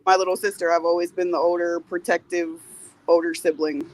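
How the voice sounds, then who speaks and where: A woman's voice: on the low side, flat delivery, a little fast, a little mellow, slight background noise, low-quality recording. A woman in her forties, a podcast guest speaking candidly in a blunt, plain-spoken way and swearing freely. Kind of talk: candid interview talk.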